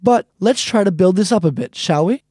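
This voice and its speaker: A man's voice: high-pitched, expressive, brisk, dark tone, slightly rough, no room sound. A man hosting a recorded language lesson, explaining phrases patiently and breaking them down step by step into a close microphone. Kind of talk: scripted lesson instruction.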